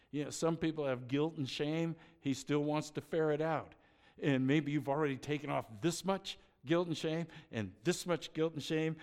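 A middle-aged man preaching a sermon as pastor, conversational and animated, acting out little stories with exclamations. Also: a little high, normal speed.

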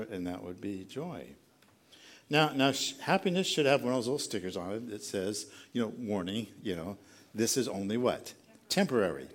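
A middle-aged man preaching a sermon as pastor, conversational and self-deprecating, often putting questions to the congregation. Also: on the low side.

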